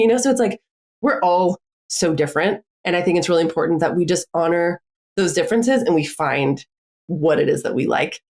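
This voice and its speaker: Chatty woman coach with a lowish voice. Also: animated, normal speed, darkish tone. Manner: chatty, frequent filler words, laughs often. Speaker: certified coach, podcast guest. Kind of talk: casual conversational interview.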